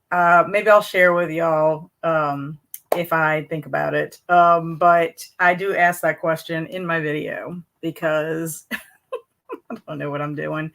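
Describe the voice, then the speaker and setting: A woman's voice: sits low, a bit bright. A woman hosting a casual reading live stream from home, greeting viewers and reading chat messages aloud in a chatty, rambling way.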